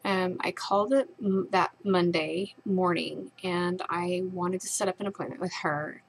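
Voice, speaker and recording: A woman's voice: fairly low pitch, fairly even intonation, a little slow, slight background noise, poor audio. A young woman vlogger earnestly retelling a distressing personal experience in her own words. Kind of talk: personal storytelling.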